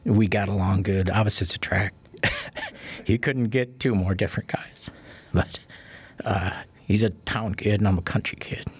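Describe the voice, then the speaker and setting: A man's voice: lowish voice, moderate pace, husky. A man speaking in a plainspoken, folksy way about a longtime colleague. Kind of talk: reflective interview remarks.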